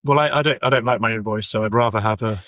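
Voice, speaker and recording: A man's voice: on the low side, quick pace, sharp tone, no echo. A man co-hosting a comedy podcast in casual chat, speaking hesitantly with many restarts and apologies.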